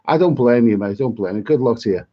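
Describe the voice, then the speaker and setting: A British travel vlogger hosts a live-stream chat, reading viewer comments and rambling, often repeating himself and restarting words. His medium-pitched voice is expressive and fast, and the highs are cut off.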